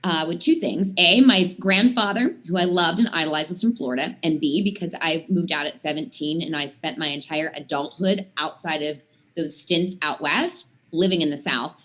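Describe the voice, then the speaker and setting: Here's a thirty-something singer on a talk show, telling drawn-out stories in a relaxed, rambling way with plenty of "like" and "I mean." Her pitch is low, her pace moderate, and her tone fairly bright.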